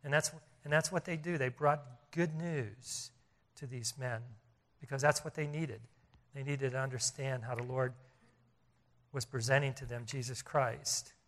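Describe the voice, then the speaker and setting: A man's voice: mid-range voice, fairly even intonation, unhurried, fairly bright tone. A man preaching a sermon as pastor, earnest, often restarting and repeating phrases and rising in volume to stress his points.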